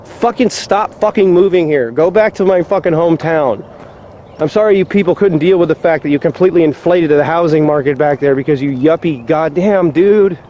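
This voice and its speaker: A man's voice: fairly high pitch, brisk, dark tone, muffled recording, slight background noise. A man vlogging on a walk outdoors along a rural trail, ranting and swearing in exasperation. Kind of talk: walk-and-talk vlog rant.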